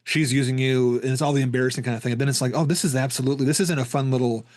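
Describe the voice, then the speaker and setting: A man co-hosting a horror podcast, talking casually in a halting way that stumbles and repeats words. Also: medium pitch, fairly even intonation, darkish tone, no room sound. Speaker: podcast co-host. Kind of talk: casual film discussion.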